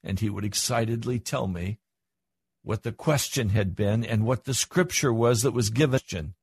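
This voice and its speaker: A man's voice: normal speed, gravelly, slightly rough, no room sound, studio quality. An older man preaching a sermon as pastor, earnest, with his voice rising for emphasis. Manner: earnest, rises in pitch for emphasis.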